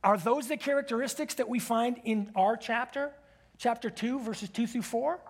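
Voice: medium pitch, normal speed. A preacher giving a sermon who walks listeners through an imagined story in the second person and presses them with direct questions. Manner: asks the congregation many direct questions.

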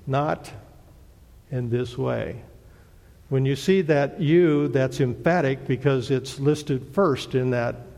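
A man gives a Bible lesson with a gravelly, creaky voice. He talks in a plain, halting way and keeps pausing on "uh" as he explains. His voice rings with a long reverb, as if he were in a large hall. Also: medium pitch, a little mellow. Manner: plain, hesitant teaching with many "uh" fillers. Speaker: Bible teacher.

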